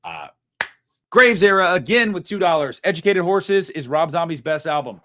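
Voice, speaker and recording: A man hosting a live stream, reading viewer donations aloud and chatting about them in a relaxed, rambling way full of slang and fillers. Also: fairly high pitch, moderate pace, slight background noise. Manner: chatty, laid-back, lots of fillers and slang. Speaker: livestream host reading super chats. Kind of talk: casual live stream chat.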